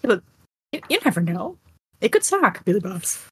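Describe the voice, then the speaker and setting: A woman's voice: on the high side, sing-song, breathy edge. Playful, teasing woman podcast co-host. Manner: playful and teasing, quick asides. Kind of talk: casual chat.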